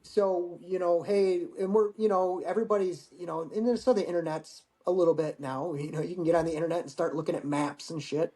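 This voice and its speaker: A man in his forties, a Marine veteran guest, telling war-training stories in a casual, profane, animated way. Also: high-pitched, a little fast, few pauses. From United States. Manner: profane, animated storyteller acting out dialogue. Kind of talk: casual storytelling interview.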